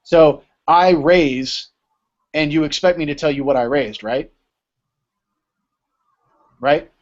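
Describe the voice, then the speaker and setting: Higher-voiced man teaching a class, lo-fi. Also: a little slow. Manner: explains with many rhetorical checks like "right?". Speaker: Greek teacher. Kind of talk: casual classroom lecture. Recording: dull lo-fi recording.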